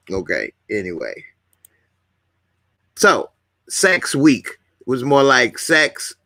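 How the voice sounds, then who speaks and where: A man's voice: medium pitch, huge pitch swings, drawn-out words, creaky, pauses often, bright, forceful tone, no room sound, clean studio sound. A man casually hosting a live stream, chatting with viewers, greeting commenters and laughing often. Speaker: YouTube host.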